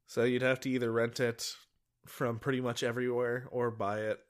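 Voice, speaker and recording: A man's voice: medium pitch, little pitch movement, moderate pace. A man co-hosting a casual chat, animatedly recapping a movie plot and laughing often. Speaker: podcast co-host.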